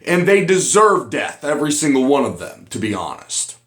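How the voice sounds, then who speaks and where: A man delivering a ranting online commentary, angry and profane, often breaking into shouts. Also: mid-range voice, very animated, moderate pace, echoey room.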